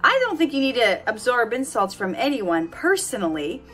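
A middle-aged woman at home giving earnest, animated motivational advice to camera, laughing easily. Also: fairly high pitch, moderate pace, over loud music. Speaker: vlogger giving life advice. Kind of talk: casual motivational talk to camera.

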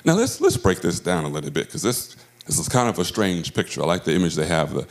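A male pastor preaching a sermon, with emphatic delivery that swings between high, drawn-out phrases and low, quiet ones. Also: sing-song. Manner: emphatic preaching with wide swings in pitch and loudness. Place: church sanctuary. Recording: roomy church echo.

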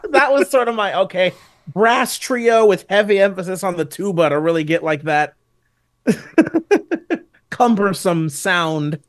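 A man with a notably high voice chatting as a guest on a podcast. He is easygoing and laughs often. He tells his stories in a loose, rambling way. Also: slow, long pauses. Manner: relaxed, laughs easily, loose storytelling. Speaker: guest musician. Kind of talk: casual podcast chat.

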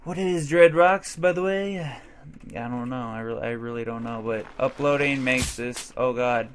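A young man's mid-range voice, at a moderate pace with a little hiss or hum, casually narrates his gameplay. As an excitable let's play gamer, he swears and yelps at the game and turns to talk to his cat between runs.

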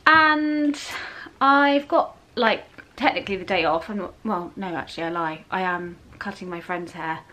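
A woman's voice: mid-range voice, normal speed, sharp tone, low-quality recording. A woman with an English accent chatting casually to her camera in a rambling vlog, often correcting herself. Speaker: vlogger.

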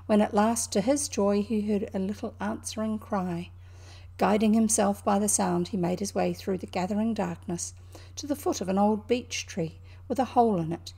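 A woman with a New Zealand accent reading a classic children's book aloud, pausing now and then to explain words to young listeners. Her voice is mellow and husky, with a gravelly edge. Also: medium pitch. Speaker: storybook reader.

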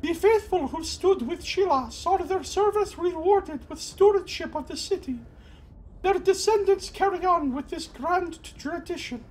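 A man voicing a haughty, formal female fish-person agent while reading game dialogue aloud, in a stiff, drawn-out manner. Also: very high-pitched, voice pushed up. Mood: proud.

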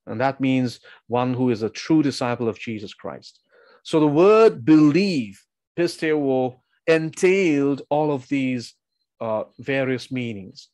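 A man's voice: medium pitch, takes it slowly, darkish tone, no echo. A man preaching a sermon, earnest and emphatic, asking his listeners pointed questions.

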